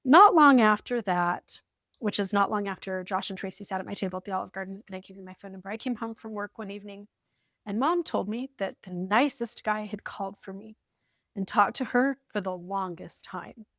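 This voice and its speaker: Woman in her 40s reading from her journal, wry, lighthearted, middle pitch, dry close sound. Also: brisk, fairly bright tone, no room sound. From United States. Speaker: vlogger. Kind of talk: storytelling while reading from an old journal.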